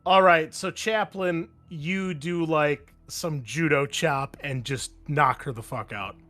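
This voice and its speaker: Casual swearing game master, slightly high voice. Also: male voice, sharp tone, soft background music. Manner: casual, swears freely, quick asides to players. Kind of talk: narrating a tabletop game.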